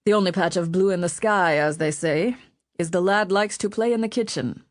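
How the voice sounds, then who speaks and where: A woman's voice: fairly low pitch, normal speed, no room sound, natural voice. A woman voicing a cold, unsentimental male spy writing sardonic notes. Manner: dry, unsentimental.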